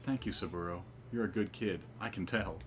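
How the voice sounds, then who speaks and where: A man voicing an unhinged female camp counselor with an axe, reading her lines in a low, sweetly menacing way. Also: brisk, a little hiss or hum, close to an everyday voice. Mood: smug.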